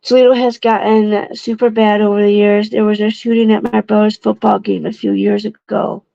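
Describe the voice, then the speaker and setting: A woman's voice: medium pitch, flat delivery, normal speed, gravelly, dark tone, no echo. A young adult woman from Ohio commenting casually on true crime cases for her viewers, emotional and indignant, stumbling over words. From Ohio, United States. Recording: dull lo-fi dry sound.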